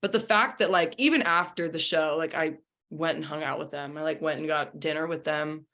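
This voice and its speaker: A woman's voice: low-pitched, fairly quick, fairly bright tone. A young woman, a singer and former contestant, chatting casually in an interview with lots of "you know" and "um". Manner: chatty with many fillers like 'you know' and 'um'.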